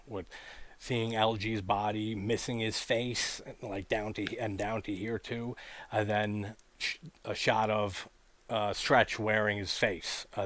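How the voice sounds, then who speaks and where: A man's voice: lowish voice, fairly bright tone. A man hosting a casual film discussion, talking with enthusiasm, laughing often and swearing casually. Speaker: horror film reviewer.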